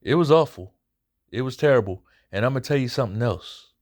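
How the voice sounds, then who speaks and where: Animated and brisk, a medium-pitched man with a darkish tone runs through a fight on his boxing commentary channel. The recap is casual and blunt, full of swearing and repeated points.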